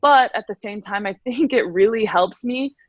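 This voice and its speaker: A woman's voice: a little high, moderate pace, dry recording. Twenties female athlete guest, bubbly and chatty, dry slightly dull sound. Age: 20s. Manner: upbeat, laughs often, many fillers. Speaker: professional swimmer guest. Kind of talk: casual interview chat.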